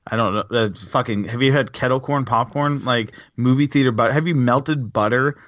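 A man in his thirties ranting bluntly on a podcast, cursing freely in casual chat. His voice sits at a middling pitch, recorded close and dry with no room sound. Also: fairly quick, fairly bright tone, no echo. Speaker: podcast co-host.

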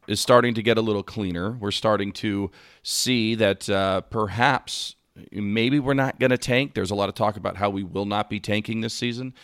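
A man co-hosting a casual sports podcast, telling animated stories and acting out voices. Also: fairly low pitch, normal speed, no room sound, studio quality. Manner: animated storyteller, acts out voices in anecdotes. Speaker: podcast co-host. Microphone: podcast microphone.

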